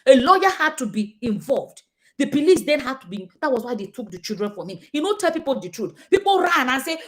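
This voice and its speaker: A woman with a Nigerian accent giving casual, emphatic commentary to her viewers, acting out the people she quotes. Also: high-pitched. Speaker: vlogger.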